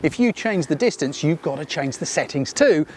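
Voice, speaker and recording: A man coaching beginner photographers outdoors in a casual, energetic rant with emphatic repetition and the odd sarcastic aside. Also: a little high, normal speed, slight background noise.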